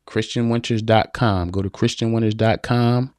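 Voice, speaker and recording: Man, low voice, dry close sound, emphatic, repetitive, preachy, live host reading viewer questions. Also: steady tone, normal speed, a little mellow, no room sound. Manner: emphatic and repetitive, preachy, calls listeners brother; reads out viewer questions and answers them live. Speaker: podcast host. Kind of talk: live-streamed motivational talk to men.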